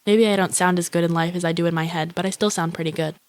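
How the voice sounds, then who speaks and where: An actress voicing the deadpan, profane inner monologue of a lonely, grandiose young woman who wishes to be eaten by a shark. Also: on the low side, quick pace, dry recording, close to an everyday voice. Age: young adult. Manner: flat, profane, self-absorbed musing.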